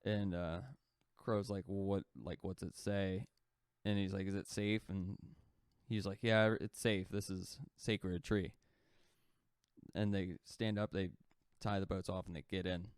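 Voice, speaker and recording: A man's voice: sits low, flat delivery, measured pace, clean tone, no echo. A man co-hosting a podcast, telling a story in a casual rambling way, full of "like" fillers and the odd swear word, acting out the quoted lines. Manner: rambling, heavy use of "like" fillers. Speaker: podcast co-host.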